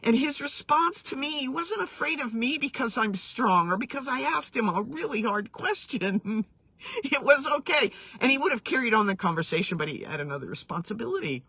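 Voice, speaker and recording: Woman storyteller, earnest, reflective, bright slightly breathy tone, laughs between phrases, close dry sound. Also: fairly high pitch, lively intonation, brisk, no room sound. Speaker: healing coach sharing her story. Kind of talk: personal storytelling, casual and reflective.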